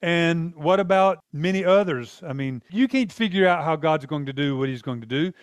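A man preaching a sermon in an earnest, conversational way, with quick asides and short laughs. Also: a little high, lively intonation, clear, resonant tone, no room sound.

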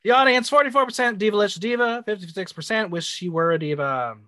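Quick and bright, this man's high, pushed voice carries a casual podcast chat where he recaps a drag show. He reads the judges' critiques aloud with plenty of sass, and there's no room sound at all.

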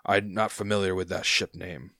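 A man voicing a gruff dwarf harbor master who is curt and dismissive, in a tabletop game. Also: low voice, level tone, normal speed, sharp tone, dry recording, studio quality, exaggerated voice. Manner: brusque, impatient.

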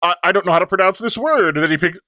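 A man's voice: high voice, lively intonation, racing, pushed and bright, dry recording. A man co-hosting a podcast, chatting casually about a tabletop game session and rambling through asides while quoting the other players. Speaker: podcast co-host.

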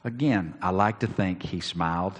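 A man preaching a sermon in a church, dramatic, swinging between loud declarations and hushed asides. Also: sits low, normal speed, slightly rough. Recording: long reverb.

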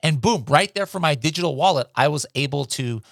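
A man's voice: a little high, lively intonation, a little fast, gravelly, fairly bright tone, no room sound, clean studio sound. A man hosting a podcast, asking questions in a casual, conversational way with many filler words. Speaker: podcast host.

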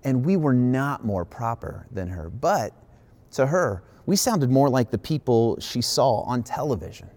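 A man's voice: medium pitch, big pitch swings, measured pace, a little mellow. A man from the Midwest preaching a sermon as a pastor, casual and emphatic, with many asides. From Midwestern United States.

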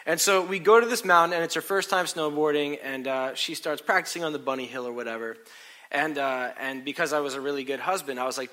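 A middle-aged man telling a personal story in a sermon, animated and self-mocking, acting out what people said. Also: a little high, fast talker.

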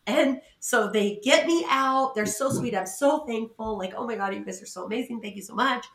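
A woman's voice: a little high, moderate pace, fairly bright tone, roomy sound. A woman podcast co-host from the Pacific Northwest telling a story in casual chat, self-mocking and laughing often as she acts out what others said. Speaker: salon owner.

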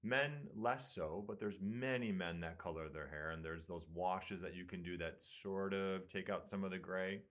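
Deep-voiced Midwestern American man explaining. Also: normal speed, hardly any pauses, fairly bright tone. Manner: conversational, explanatory, with fillers. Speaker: surgeon and podcast host. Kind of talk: casual medical talk show.

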